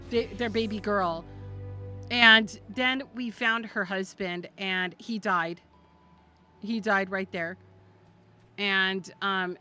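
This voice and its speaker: A woman's voice: mid-range voice, bright, forceful tone. A woman streaming a game live, chatting playfully with her viewers, giggling and stumbling over her words as she talks to them by name.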